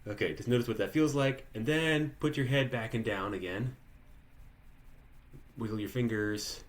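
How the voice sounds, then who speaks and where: A man's voice: mid-range voice, normal speed. A man leading a live workshop for musicians, talking conversationally with many restarts and questions to participants. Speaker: workshop leader. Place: online live workshop, video call.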